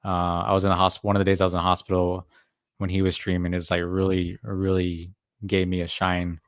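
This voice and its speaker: Very deep flat-voiced man. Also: brisk, no room sound, studio quality. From California. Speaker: guest DJ. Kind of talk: casual interview chat.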